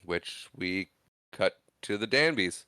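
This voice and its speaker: A man's voice: low voice, animated, takes it slowly, pushed and bright, clear, resonant tone, no room sound. A man co-hosting a podcast, casually retelling a movie scene by scene and acting out the characters' lines. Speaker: podcast co-host. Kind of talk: casual movie recap chat.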